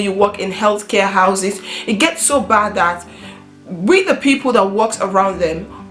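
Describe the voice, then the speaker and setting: A middle-aged African woman with a mid-range, fairly bright voice talks earnestly to camera in a casual vlog, often repeating and restarting phrases. The recording has a roomy echo and faint guitar music.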